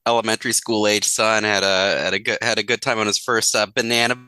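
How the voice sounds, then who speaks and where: A man's voice: on the low side, flat delivery, quick pace, bright, forceful tone, clear, resonant tone, dry recording. A middle-aged man co-hosting a podcast over a video call, bantering in a friendly way. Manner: friendly banter, easy laughs. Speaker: podcast co-host. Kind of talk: casual podcast chat.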